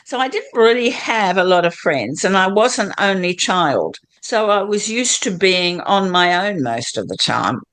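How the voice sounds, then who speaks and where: A woman's voice: medium pitch, expressive, a little slow, hardly any pauses, a bit bright. An older woman with a blended British, Australian and South African accent, telling her life story as an interview guest, chatty and reminiscing, laughing often. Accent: mixed British, Australian and South African. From Britain.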